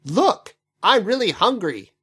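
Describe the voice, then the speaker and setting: A man voicing an excitable young male human crew member who blurts out words and turns defensive. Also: sits high, slow, husky, voice pushed up, exaggerated voice. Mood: blurting.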